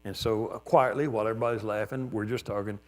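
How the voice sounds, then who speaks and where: An older man, a pastor, telling a personal story in a sermon, reflective and plain-spoken with gentle humor. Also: on the low side, fairly even intonation, fast.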